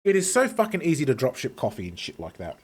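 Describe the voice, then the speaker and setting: A man's voice: mid-range voice, wildly swooping pitch, quick pace, breathy edge. Swearing man ranting on a stream. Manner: talks while eating. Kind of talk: casual stream chat.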